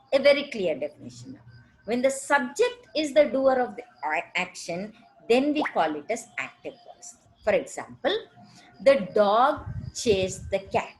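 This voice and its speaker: A woman's voice: on the high side, rough recording. A woman teaching a recorded grammar lesson, often asking a question and then answering it herself, with many "right?" checks.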